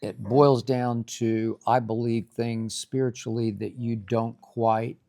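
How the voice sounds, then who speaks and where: Mellow older man, dry and teasing. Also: medium pitch, steady tone. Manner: dry, teasing, speaks of faith slowly. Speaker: co-host. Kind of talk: casual chat.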